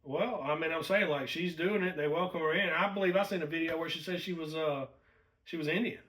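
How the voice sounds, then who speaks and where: A man talks casually with a slightly high, bright and forceful voice. He keeps throwing out mocking rhetorical questions. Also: fairly quick, poor audio. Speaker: co-host. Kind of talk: casual commentary chat.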